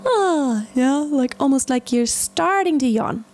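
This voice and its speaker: A woman's voice: high voice, expressive, unhurried, darkish tone. A woman vocal coach giving a singing lesson, explaining technique step by step in an encouraging way. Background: faint backing track of the song.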